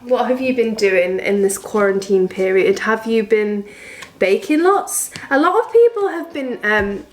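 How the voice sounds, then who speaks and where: A woman's voice: mid-range voice, lively intonation, measured pace, soft background music. A woman in her twenties chatting through a baking vlog in her home kitchen, rambling with self-mocking asides. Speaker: vlogger.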